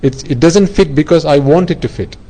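This Buddhist teacher's dark, slightly rough voice sits on the high side and moves briskly over poor audio. In his earnest dharma talk he explains ideas via everyday examples, often saying things more than once.

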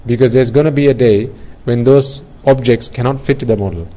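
Heard on a low-quality recording, a male Buddhist teacher speaks briskly in a mellow, mid-range voice. His earnest dharma talk leans on everyday examples, and he frequently repeats himself.

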